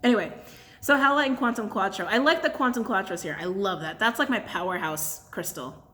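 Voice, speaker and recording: A woman's voice: mid-range voice, fairly quick, fairly bright tone. A woman doing a casual channeled tarot and crystal reading to her camera, chatty and blunt, laughing often.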